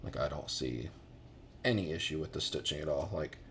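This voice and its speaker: A man's voice: very deep voice, normal speed, fairly bright tone, a little hiss or hum. An American man giving a casual boot review, rambling with many fillers and restarts.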